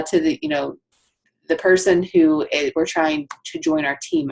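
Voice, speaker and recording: A woman's voice: low-pitched, creaky, a little mellow. A woman coaching her team on a casual call, chatty with lots of ums and asides.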